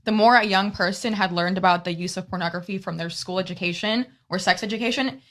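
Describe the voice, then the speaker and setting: A woman's voice: medium pitch, quick pace, a bit bright. A woman interviewing a guest, speaking earnestly and passionately in long run-on sentences.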